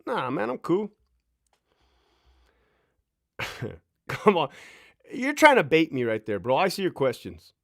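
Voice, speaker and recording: A man's voice: on the high side, wildly swooping pitch, takes it slowly, gravelly, pauses often, fairly bright tone, no room sound, studio quality. A man in his thirties hosting a casual livestream from home, cursing freely, laughing and answering chat comments. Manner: profane, boastful, laughing, addresses chat directly. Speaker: livestream host.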